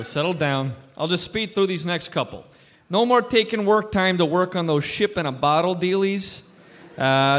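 An actor in a live radio sketch playing a weary, scolding boss of air traffic controllers. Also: male voice, sits high, a bit bright, big-room sound. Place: theater stage.

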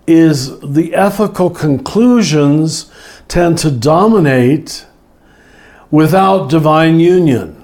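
An older man, a Catholic teacher and author, explaining ideas slowly and reflectively, often restarting and listing words. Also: fairly high pitch, darkish tone. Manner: slow, reflective, with frequent restarts and lists. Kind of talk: relaxed spoken teaching in conversation.

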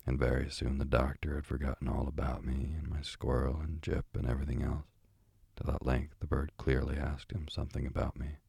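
Very deep gravelly bedtime storyteller man. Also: no echo, clean studio sound. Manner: calm, slow, soothing.

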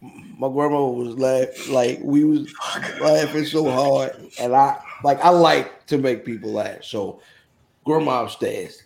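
A man co-hosting a podcast, telling a funny story in a playful, animated way. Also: medium pitch, takes it slowly, vocal fry, a little hiss or hum. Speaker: podcast co-host. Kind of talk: casual chat.

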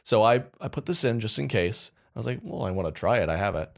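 A young man with a somewhat low voice co-hosts a casual comedy podcast. He rambles through his stories, stops and restarts mid-sentence, and keeps poking fun at himself. His delivery is loose and conversational. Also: animated, quick pace, creaky. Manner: rambling, self-mocking, trailing restarts. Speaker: podcast co-host.

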